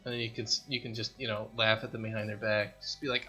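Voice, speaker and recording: A man with a bright, forceful voice talks casually through a dev vlog, rambling and poking fun at himself as he works on his game from a home basement. Faint music plays quietly underneath. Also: lowish voice, little pitch movement, fast, slightly rough. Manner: rambling, self-deprecating, joking. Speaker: indie game developer. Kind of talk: casual dev vlog talk while programming.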